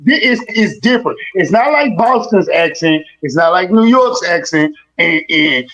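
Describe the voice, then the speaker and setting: A man in casual talk-show banter who speaks in an animated, profane way. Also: high-pitched, unhurried, muffled recording. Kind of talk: casual chat.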